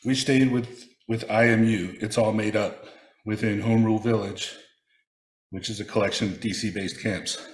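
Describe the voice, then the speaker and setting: A man's voice: fairly low pitch, steady tone, moderate pace. Man telling a wry story in an echoey room. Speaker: speaker sharing a personal reflection. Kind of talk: prepared personal reflection read aloud.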